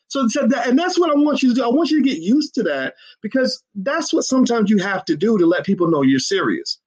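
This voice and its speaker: A man's voice: extremely high pitch, animated, brisk, hardly any pauses, muffled recording. A man giving emphatic livestream commentary to his chat, hammering points with repeated rhetorical questions. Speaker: finance commentator.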